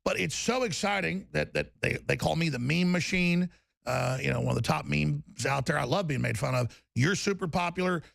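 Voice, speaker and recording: A man hosting a live call-in talk show, talking in a rambling, excitable way that jumps from topic to topic. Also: on the high side, gravelly, no room sound, clean studio sound. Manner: rambling, excitable, fast-shifting delivery.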